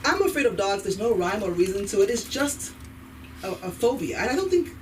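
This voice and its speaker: A woman's voice: mid-range voice, fairly quick. Nigerian lady in her 50s doing stand-up, voice bouncing all over, far-off mic in a noisy club. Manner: animated, switches between voices. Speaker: stand-up comedian. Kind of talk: stand-up comedy set. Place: comedy club stage. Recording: distant mic, noisy room. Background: audience laughter.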